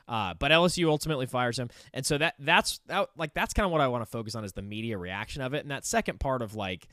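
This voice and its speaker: A man's voice: on the low side, a bit bright, smooth, dry recording, studio quality. A young man hosting casual sports commentary, rambling and opinionated, with lots of filler words. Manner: rambling, heavy use of "like", opinionated.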